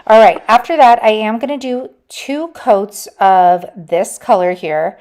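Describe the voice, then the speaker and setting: A woman's voice: medium pitch, measured pace, a little mellow. A woman hosting a DIY crafts channel, narrating her project in a chatty, enthusiastic voice-over and talking straight to her viewers. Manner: chatty and enthusiastic, addresses viewers as "you guys". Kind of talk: casual tutorial voice-over.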